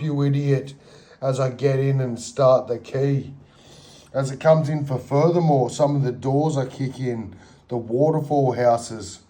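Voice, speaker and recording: Rambling man with a dark voice. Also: mid-range voice. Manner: rambling, slangy, uses sound effects and quoted outbursts. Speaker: video narrator. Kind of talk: rambling commentary over game or drawing footage.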